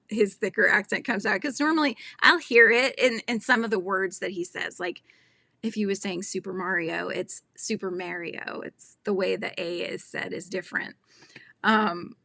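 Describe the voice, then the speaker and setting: Female host, middle-aged, casual chat, laughs a lot, crisp tense tone, some vocal fry. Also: medium pitch, bright, forceful tone, no echo, studio quality. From Northern California. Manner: chatty, laughing often, reading out chat comments.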